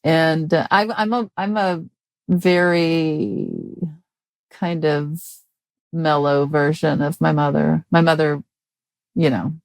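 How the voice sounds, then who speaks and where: A woman in her fifties with a notably low voice speaks with a dry, halting delivery, stopping and restarting her sentences. She chats casually as a guest comedian in an interview. The sound is dry and close, with no room around it. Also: steady tone, gravelly, no echo. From Mississippi, US.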